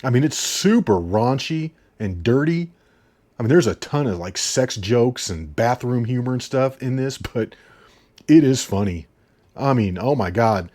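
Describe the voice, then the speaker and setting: A man chats about films in a loose, rambling way. He repeats himself, chuckles as he goes, and keeps his voice at an everyday middle pitch. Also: expressive, measured pace, a little mellow. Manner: chatty, laughs often, repeats himself. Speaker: movie reviewer. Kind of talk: casual rambling movie review.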